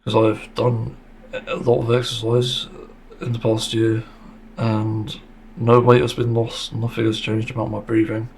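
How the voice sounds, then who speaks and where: A man's voice: fairly low pitch, monotone, a little slow, vocal fry, few pauses, darkish tone, slight background noise. A man hosting a casual solo podcast monologue, speaking bluntly and frankly, with plenty of swearing and the odd sarcastic aside. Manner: sarcastic at times. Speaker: podcast host.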